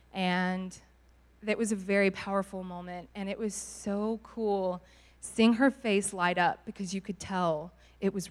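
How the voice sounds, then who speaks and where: A young woman telling a church testimony in a bubbly, laughing storytelling way. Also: on the low side. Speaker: youth ministry leader. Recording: reverberant hall.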